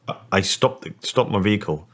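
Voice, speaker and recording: A Scottish man in his forties, telling a story in an interview in a halting way, with many restarts. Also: fairly low pitch, lively intonation, fairly bright tone. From Scotland. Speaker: interview guest.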